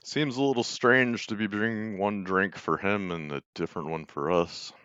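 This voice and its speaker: A man's voice: fairly low pitch, fairly even intonation, normal speed, a bit bright, clean tone, no echo, highs cut off. A man playing in a tabletop game, curious and full of questions. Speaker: player. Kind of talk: casual chat at a tabletop game.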